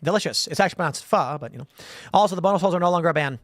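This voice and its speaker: A man's voice: high voice, racing, dry recording, studio quality. A man hosting a livestream show, rambling through viewer comments and joking asides in a casual way. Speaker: host.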